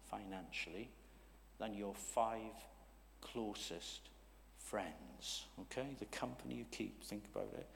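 A man preaching a sermon in a church, talking conversationally, checking in with the congregation and swinging from loud emphasis to hushed asides. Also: lowish voice, measured pace, creaky, big-room sound.

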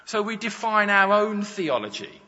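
A man's voice: high voice, very animated, moderate pace, pushed and bright. A man preaching a sermon, explaining Scripture with examples and rhetorical questions. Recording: dull sound with long reverb in a large hall.

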